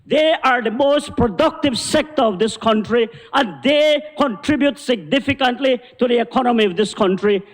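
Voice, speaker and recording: A man with a Belizean accent, a government minister giving a forceful, indignant speech in parliament. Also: very high-pitched, lively intonation, moderate pace, few pauses. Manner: forceful, indignant oratory, repeating "Madam Speaker". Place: parliament chamber. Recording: long chamber reverb.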